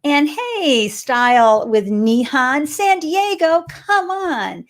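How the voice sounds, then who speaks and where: Hosting a live-stream interview program, a Boston woman greets viewers and her guest in a bubbly, effusive way. She speaks slowly in a high voice with big swings in pitch.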